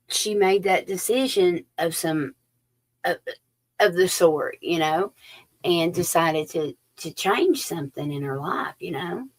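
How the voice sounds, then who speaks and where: Casual woman, psychic reader on a live stream, low-pitched and unhurried, slipping into whispers. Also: expressive. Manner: folksy, chatty, drops into whispers. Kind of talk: live-stream tarot reading chat.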